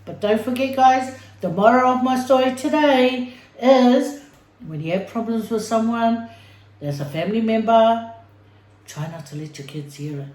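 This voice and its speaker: A chatty woman vlogger, talking to her viewers between bites of food. Her voice sits low and mellow, and it bounces around a reverberant room at home. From Samoa. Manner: chatty, playful, talking while eating. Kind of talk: casual mukbang chat. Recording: echoey room.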